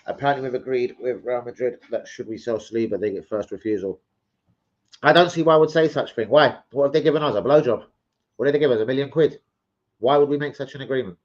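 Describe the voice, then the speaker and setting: A man's voice: medium pitch, fast talker, a little mellow, dull audio. Sweary man chatting on a stream. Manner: sweary, rambling banter with chat viewers. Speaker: football fan channel host. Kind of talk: casual livestream chat reading transfer gossip.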